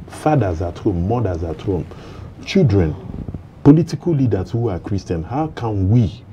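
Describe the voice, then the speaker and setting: A Nigerian man moderates a church Bible study. His voice is very deep and dark, and a faint hiss sits under it. He questions in a measured, preacherly way. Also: low-quality recording. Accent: Nigerian English. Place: television studio.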